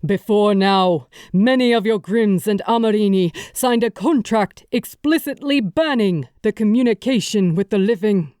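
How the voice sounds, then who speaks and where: A woman's voice: mid-range voice, normal speed, few pauses, a little mellow, clear, resonant tone, no echo, studio quality, close to an everyday voice. A woman reading an audiobook, voicing a grieving male warrior king giving an urgent, rallying speech to his army. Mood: urgent briefing.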